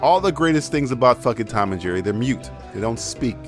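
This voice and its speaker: A man's voice: medium pitch, expressive, a little fast, soft background music. A man co-hosting a casual podcast chat, riffing crudely and laughing often. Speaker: podcast co-host.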